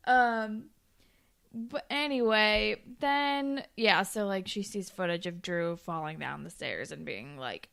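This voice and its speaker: A woman co-hosting a podcast, casually recapping a TV episode in a chatty, animated way, acting out lines and swearing. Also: medium pitch, takes it slowly, gravelly, smooth. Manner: chatty, animated retelling with quoted voices and swearing. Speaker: podcast co-host.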